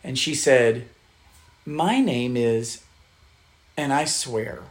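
A man's voice: medium pitch, very slow. A middle-aged man, a pastor, casually telling a story in conversation, animatedly acting out quoted voices. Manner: animated storyteller, acts out quotes, laughs often.

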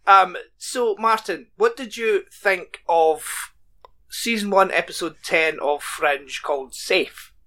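A man's voice: sits high, takes it slowly, bright, forceful tone. A man co-hosting a casual podcast, bantering dryly and laughing often. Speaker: podcast co-host.

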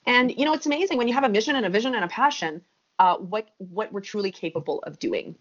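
A woman's voice: mid-range voice, quick pace. Woman guest on a podcast, chatty and emphatic, kinda dull lo-fi sound. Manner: energetic, emphatic, many fillers. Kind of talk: podcast interview.

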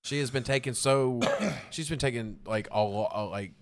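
A man's voice: mid-range voice, moderate pace, noisy background. A man, a podcast guest telling a story in a rambling, casual way, full of fillers and laughter. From Arkansas. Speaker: podcast guest, band vocalist.

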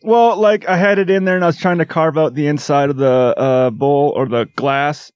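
A man's voice: fairly high pitch, fairly even intonation, normal speed, no room sound, dull audio. A man co-hosting a casual podcast chat, wisecracking and swearing in a small studio room. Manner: wisecracking, profane. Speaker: podcast co-host.

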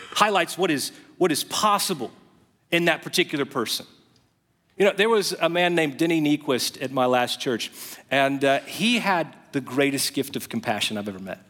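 A man preaching a sermon as pastor, telling stories with animated, emphatic rising phrases. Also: on the high side. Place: church auditorium. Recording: long reverb of a large hall.

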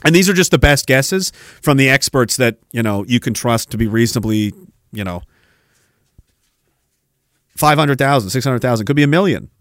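A man's voice: mid-range voice, lively intonation, moderate pace, long pauses, fairly bright tone, no room sound, studio quality. A man hosting a podcast, delivering heated, sarcastic political commentary with plenty of swearing. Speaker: podcast host.

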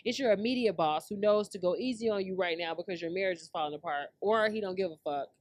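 A woman hosting her own podcast in brash, profane casual commentary, dropping to low mutters and then breaking into loud, high outbursts. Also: fast talker, no room sound, clean studio sound. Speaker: podcast host.

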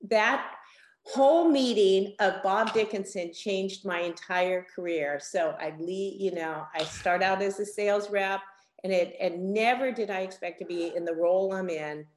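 An older woman, a guest in an interview, telling a story with lively acted-out quotes. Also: medium pitch, unhurried. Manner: animated, acts out quotes. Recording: echoey room.

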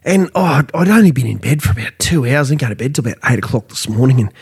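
A man's voice: mid-range voice, animated, fast talker, gravelly, slightly rough. A tired, tipsy Australian man in his thirties, co-hosting a crude, casual pub chat. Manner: blunt, swearing, laughs loudly at his own jokes. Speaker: podcast co-host.

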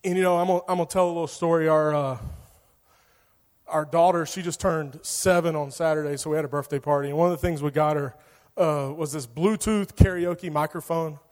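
A man's voice: a little high, fairly even intonation, a little fast, darkish tone. A man, preaching to a youth group in a casual, joking way full of fillers. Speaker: youth pastor. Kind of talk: sermon. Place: church hall. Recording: long hall reverb.

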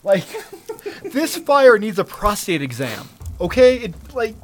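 A man's voice: sits high, wildly swooping pitch, takes it slowly, a little hiss or hum. Sarcastic, swearing male storyteller. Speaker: podcast co-host telling a story. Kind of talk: casual storytelling chat.

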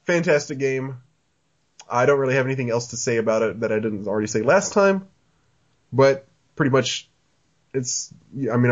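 A man hosting a podcast, talking casually in a rambling way, with many fillers and laughs. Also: mid-range voice. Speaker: podcast host. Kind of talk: casual chat. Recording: dull lo-fi audio.

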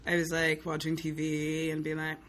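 A young Southern US woman with a low-sitting voice talks at a moderate pace as a guest in casual chat. She's an animated storyteller who acts out the voices of the people in her stories and laughs often.

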